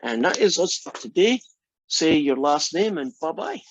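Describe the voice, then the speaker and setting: A male math teacher lectures his class in a voice pitched a little high. He leads them through one point after another by asking them questions. The recording is dry and dull, with the room's highs cut off. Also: big pitch swings, moderate pace, dry recording. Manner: asks the class many rhetorical questions. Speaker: math instructor.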